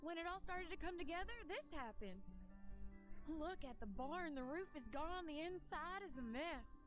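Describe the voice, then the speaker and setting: An anxious farm owner in a video game cutscene, speaking with a put-on Southern drawl and a strained twang. Her voice sits high, and game music plays clearly behind her. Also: animated, normal speed. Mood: worried. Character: worried adult woman farm owner. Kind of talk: scripted game dialogue.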